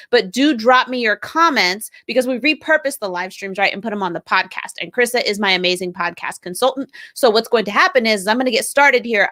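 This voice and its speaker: Bright-voiced woman hosting a live stream. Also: on the high side. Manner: chatty, upbeat, greets commenters by name. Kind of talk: live stream talk to viewers.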